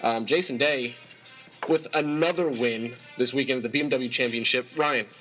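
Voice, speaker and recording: A man's voice: mid-range voice, normal speed, a bit bright, faint music behind, rough recording. A young man co-hosting a college radio sports show in a casual, chatty, upbeat way.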